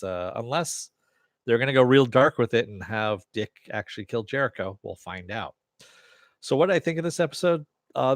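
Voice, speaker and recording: Man hosting a loose live TV review, low voice, dry close sound, rambling and blunt. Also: no room sound. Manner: rambling, off-the-cuff, swears, answers chat comments. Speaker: TV review host. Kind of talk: casual live-stream review chat.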